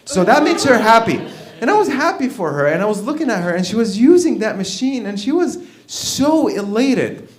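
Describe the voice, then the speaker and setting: A man's voice: very high-pitched, big pitch swings, fast talker. Profane man doing stand-up in a roomy club. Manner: profane, acts out both sides of dialogue. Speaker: stand-up comedian. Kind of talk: stand-up set. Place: comedy club stage. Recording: roomy live club sound.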